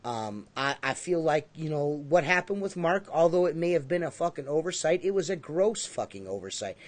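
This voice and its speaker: A man's voice: on the high side, lively intonation, normal speed, dry recording. A man co-hosting a casual livestream podcast, rambling and emphatic with a lot of swearing. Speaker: podcast co-host.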